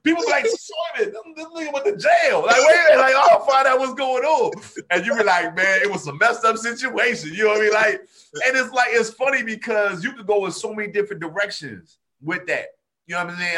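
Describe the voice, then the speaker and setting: A comedian talking shop in a relaxed conversation, his voice bright and a little high. He tells stories with animation and slips into the voices of the crowd. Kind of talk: casual chat.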